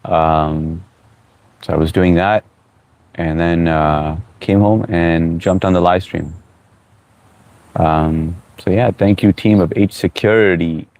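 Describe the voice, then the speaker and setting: A man with a low, deep voice hosts a relaxed live stream, greeting viewers one by one and reading their comments aloud. His talk is casual and encouraging, like advice from a friend. The sound is dry and close, with little room echo. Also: takes it slowly.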